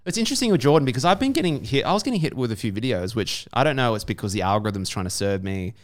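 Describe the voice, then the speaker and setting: A man's voice: medium pitch, lively intonation. A man co-hosting a podcast in casual chat, making wry interjections. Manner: wry, quick to interject jokes. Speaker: podcast co-host.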